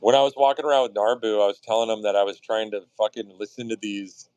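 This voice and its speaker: A man streaming his art while telling casual, profane stories, often jumping into high mock voices and bits of song. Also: quick pace, a little mellow, smooth, no echo, lo-fi sound. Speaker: artist streaming his work. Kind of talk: casual storytelling chat.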